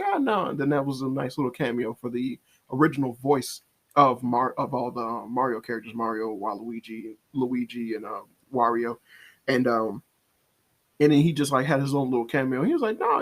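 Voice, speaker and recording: A man giving a casual spoken movie review, rambling and exasperated, often restarting and acting out quoted asides. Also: on the high side.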